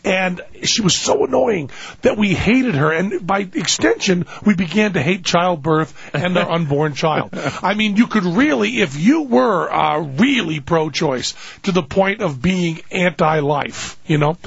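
Gravelly man in wry comic rant. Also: sits high, expressive, unhurried, dull audio. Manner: wry, exasperated storytelling with put-on voices. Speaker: podcast host. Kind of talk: comic podcast monologue.

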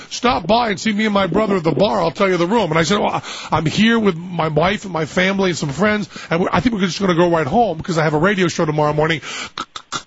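A man hosting a radio show, telling a story in loud, animated comic banter with a raspy voice. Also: high-pitched, slight background noise. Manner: animated storyteller, shouts in mock triumph. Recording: dull lo-fi radio sound.

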